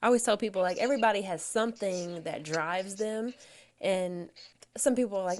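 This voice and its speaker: Upbeat podcast host lady, chatty, friendly. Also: medium pitch. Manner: friendly, upbeat, quick affirmations. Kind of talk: casual podcast chat.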